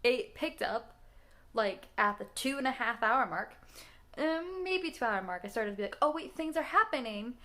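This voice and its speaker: A woman's voice: fairly high pitch, lively intonation, normal speed, pushed and bright. A woman in her twenties chatting casually about movies she just watched, rambling, laughing often and restarting her sentences. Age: 20s. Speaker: vlogger reacting to films.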